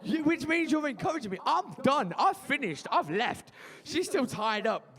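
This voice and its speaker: A man's voice: extremely high pitch, very animated, moderate pace, fairly bright tone. A man compering a student stand-up comedy night, trading crude banter with the crowd. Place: student bar venue.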